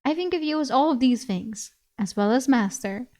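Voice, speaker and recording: An earnest talking dog who takes every word literally, as a woman reads him aloud. He speaks bluntly and plainly in a fairly high voice, like a storybook companion. Give me that loyal, matter-of-fact tone. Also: expressive, normal speed, dark tone, close to an everyday voice. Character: earnest literal-minded male magic dog. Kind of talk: reading a novel aloud with voices.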